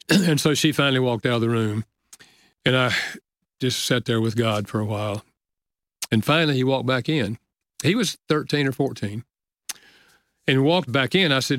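An older man, a guest author, telling a personal story in an earnest, measured way in a casual conversation. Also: mid-range voice, fairly bright tone, no echo, studio quality.

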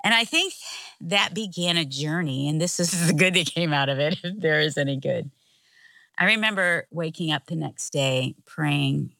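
Woman, middle-aged, bright tone, lively storyteller, dry close sound. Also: low-pitched, normal speed, vocal fry, no room sound. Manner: animated, acts out voices in her story. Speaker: co-host. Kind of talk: casual storytelling chat.

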